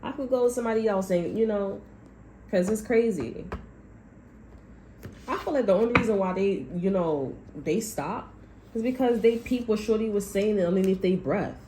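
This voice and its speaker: A woman's voice: mid-range voice, moderate pace, roomy sound, background noise. A woman giving a casual tarot reading. She talks bluntly, swears freely and acts out what people say. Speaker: tarot reader.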